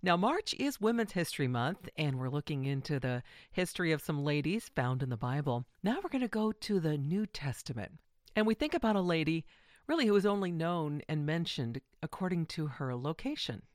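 A woman's voice: low voice, big pitch swings, a little fast, darkish tone, no echo, clean studio sound. A woman hosting a talk program, introducing her guest and the topic in a conversational way. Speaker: host. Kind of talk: radio talk show.

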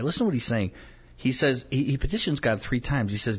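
An earnest man walks through a Bible passage on a Christian talk show, pausing on fillers and slowing down when he reads verses aloud. His voice is a little husky, and the lo-fi recording sounds dull. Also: medium pitch, expressive. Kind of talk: devotional Bible teaching in conversation.

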